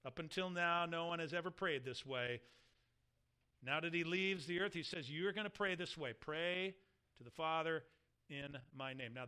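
A man's voice: fairly high pitch, bright, forceful tone. A man preaching a sermon, explaining scripture verse by verse and reading passages aloud with earnest emphasis. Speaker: pastor.

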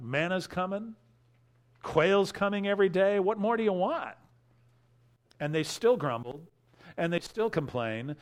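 A man preaching an expository sermon in a voice pitched somewhat high for a man. He is animated, and he acts out the voices of the crowd and reads scripture with feeling. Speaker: pastor.

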